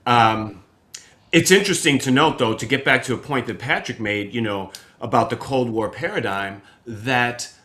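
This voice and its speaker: A man's voice: medium pitch, normal speed, pushed and bright. A man hosting a podcast interview, rambling and hesitant, chuckling as he talks. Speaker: podcast host. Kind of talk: casual interview talk.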